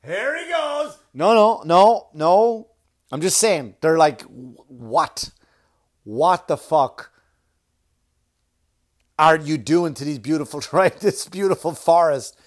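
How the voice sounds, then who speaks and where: New guy, kinda high voice, swearing and rambling thru a funny story about himself, podcast comic vibe. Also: expressive, slow, long pauses. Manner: profane, self-mocking, rambling. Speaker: comedian podcast host. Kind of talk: casual storytelling monologue.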